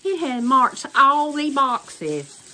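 Gushing Southern grandma with a bright, high voice. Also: female voice, sing-song, slow. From Southern United States. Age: older. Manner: gushing, exclaims often, folksy phrasing. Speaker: crafting YouTuber. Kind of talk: casual unboxing chat.

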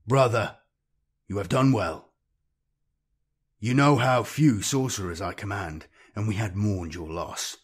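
A man voicing a brutal, imperious tyrant warlord who speaks in a commanding, low, growling tone. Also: slow, long pauses, husky.

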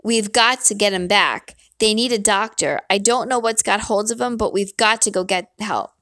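Brief: woman as a frightened man, hushed whisper, urgent. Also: mid-range voice, moderate pace, dry recording, clean studio sound, natural voice.

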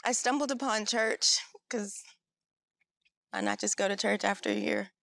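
A woman's voice: mid-range voice, fairly even intonation, normal speed, gravelly, a bit bright, dry recording. A woman sharing an earnest personal testimony as a talk show guest, storytelling and acting out what people said. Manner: earnest, storytelling, acts out quoted voices.

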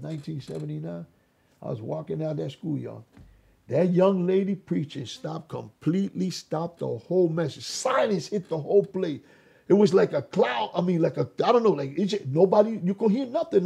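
High, gravelly male storyteller, dark and raspy, lively testimony delivery. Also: a little fast. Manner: animated, acts out quoted voices. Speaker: interview guest.

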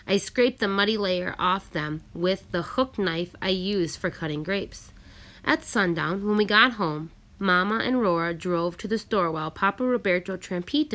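Woman reading a chapter book aloud, low-ish voice, slow and careful. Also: a bit bright. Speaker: audiobook narrator. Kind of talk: storybook reading.

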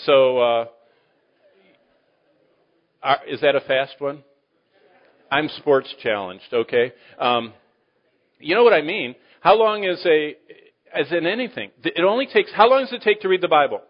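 Preaching on the Bible before a live crowd, this fairly high-voiced man speaks a little slowly with long pauses. He is animated, poses questions to listeners, and shifts between loud emphasis and hushed asides, all on a dull lo-fi recording.

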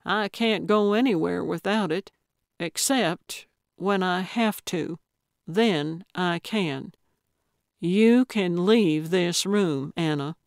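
A woman narrator voicing a blunt, coaxing elderly woman amateur detective in an audiobook, speaking louder and more briskly than her narration. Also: fairly low pitch, vocal fry, no room sound, clean studio sound.

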